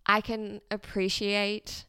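A woman's voice: medium pitch, completely flat delivery, takes it slowly, sharp tone, clear, resonant tone, dry recording, clean studio sound. A woman co-hosting a podcast, chatting casually with wry, thoughtful remarks. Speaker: podcast co-host. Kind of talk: casual chat.

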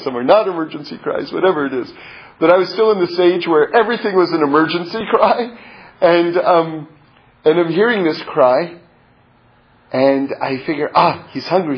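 A man giving a spoken religious teaching built around a personal story, halting and repeating words, growing more intense toward his point. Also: sits high, husky. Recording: dull lo-fi recording.

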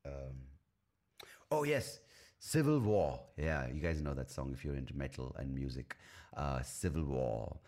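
A man's voice: a bass voice, lively intonation, unhurried, darkish tone. A man, hosting a casual solo podcast, rambling and self-mocking and swearing freely. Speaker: podcast host.

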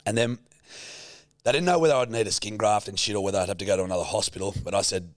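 A man's voice: fairly low pitch, quick pace, no echo, clean studio sound. A young Australian man in casual podcast chat, telling a story in a laid-back way and swearing often. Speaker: podcast co-host.

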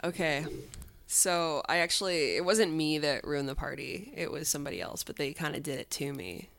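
A woman's voice: low voice, expressive, normal speed, gravelly, a bit bright, dry recording. A woman in her twenties telling a story in casual chat, filling her talk with "like" and acting out quotes. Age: 20s. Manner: chatty, heavy use of "like", acts out quotes.

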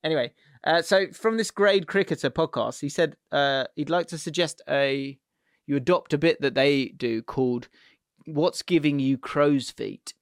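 Man, 30s, chatty co-host, fairly high voice, dry close mic. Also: normal speed, clean tone, dry recording. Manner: laughs often, reads listener messages aloud. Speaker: podcast co-host. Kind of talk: casual chat.

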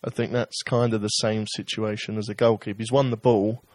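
A man co-hosting a casual football podcast, explaining his view in a measured way. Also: lowish voice, little pitch movement, a little mellow, dry recording. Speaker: podcast co-host.

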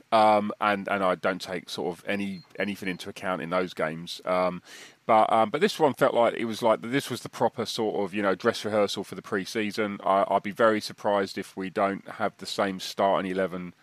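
A man co-hosting a football podcast, speaking with hesitant restarts before getting animated about his views. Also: fairly low pitch, no room sound. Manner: hesitant starts, then animated opinions. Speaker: podcast co-host. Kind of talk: casual podcast chat.

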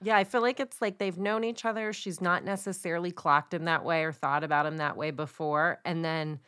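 A woman co-hosting a casual true-crime podcast, chatty and quick to laugh. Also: low voice, fairly even intonation, a bit bright, clear, resonant tone, dry recording, clean studio sound. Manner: laughs often, chatty and tangent-prone. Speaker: podcast co-host.

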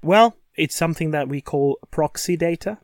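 A man's voice: on the high side, moderate pace, dry recording. Guy cohosting a chatty podcast, eager, stumbles over his starts, very dry close sound. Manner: enthusiastic, repeats words when starting sentences. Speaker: podcast co-host. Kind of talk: casual podcast chat.

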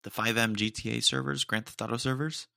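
Guy rambling on his podcast, kinda jokey, gravelly voice, dry close sound. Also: mid-range voice, steady tone, a little fast, sharp tone, no echo. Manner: rambling and jokey, says "dude" a lot. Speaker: podcast host. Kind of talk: casual solo podcast chat.

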